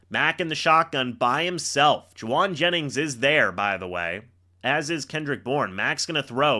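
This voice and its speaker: A young man hosting a live reaction stream, calling the plays and shouting and teasing players on big moments. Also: medium pitch, animated, normal speed. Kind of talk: excited live play-by-play reaction.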